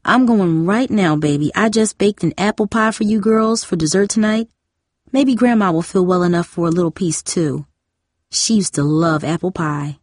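A woman voicing a weary middle-aged mother who speaks softly and apologetically. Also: on the low side, moderate pace, no echo, clean studio sound, close to an everyday voice. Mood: warm. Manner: soft, apologetic. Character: tired middle-aged mother, soft and rueful.

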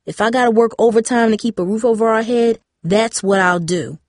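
A woman's voice: a little high, brisk, a little mellow, dry recording, voice pushed up, natural voice. A worn-out, stern mother who snaps her words short and firm, as a woman reading the story puts her on. Her lines rise and push harder when she gets heated. The recording is dry and close, with no room sound. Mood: angry. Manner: curt, snapping, firm. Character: stern exhausted pregnant mother, middle-aged. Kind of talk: audiobook character reading.

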